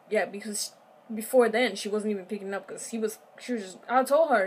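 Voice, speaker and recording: Young woman, casual storytime vlogger, lively and chatty, talks right to camera, faint hiss on the track. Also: medium pitch, a little fast. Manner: animated, chatty, addresses viewers directly.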